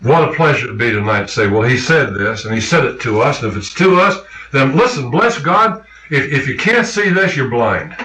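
A man's voice: mid-range voice, lively intonation, a little fast, sharp tone, reverberant, poor audio. A man preaching a sermon, emphatic and questioning his congregation.

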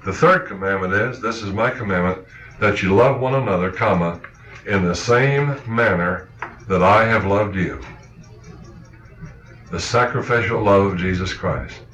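A man preaching a sermon, talking earnestly with halting restarts and acting out quoted thoughts. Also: fairly low pitch, fairly bright tone. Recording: echoey, muffled old sermon recording.

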